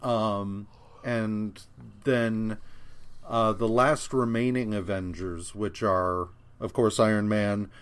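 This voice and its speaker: Slow, rambling man recapping comics. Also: fairly low pitch, steady tone, smooth. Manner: rambling, profane, frequent fillers and restarts. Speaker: podcast co-host. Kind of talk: casual comic book recap chat.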